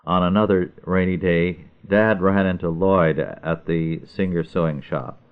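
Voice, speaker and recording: Man, very low voice, steady dry storytelling, phone-like sound. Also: unhurried, hardly any pauses, smooth. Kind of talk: reading a humorous family story aloud.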